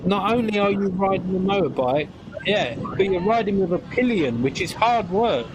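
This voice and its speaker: A man co-hosting a relaxed chat show and presenting clips. He is easygoing and chuckles often, with a voice noticeably higher than most men's. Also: normal speed, background noise. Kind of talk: casual chat show banter.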